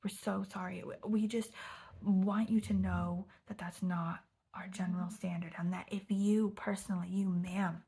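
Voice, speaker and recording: A man's voice: high-pitched, level tone, moderate pace, vocal fry, dark tone, slightly rough, full character voice. A woman voicing a young male venue worker who apologizes with nervous, overly intense earnestness. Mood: apologetic. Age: young adult.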